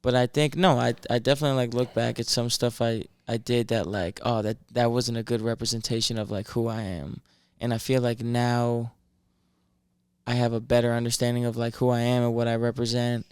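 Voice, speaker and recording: Smooth-voiced, soft-spoken man from Massachusetts. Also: medium pitch, level tone, fairly quick, no echo. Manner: soft-spoken, searching for words. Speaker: rapper, podcast guest. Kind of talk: casual chat.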